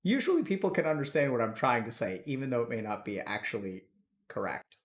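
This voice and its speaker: A man's voice: medium pitch, sing-song, a little fast. A young man from Texas, chatting casually and joking around with his live-stream audience as host. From Texas, USA.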